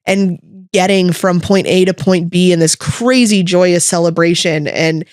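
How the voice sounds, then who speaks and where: A woman co-hosting a podcast as a wedding videographer, telling stories in an animated, casual way. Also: unhurried, no room sound, studio quality. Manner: animated storyteller, jumps up high when excited. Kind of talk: casual chat.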